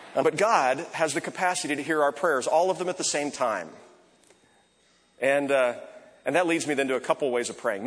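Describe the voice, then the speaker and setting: A man preaching a sermon as pastor, conversational, softly repeating short prayer phrases. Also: medium pitch, slightly rough. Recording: echoey hall reverb.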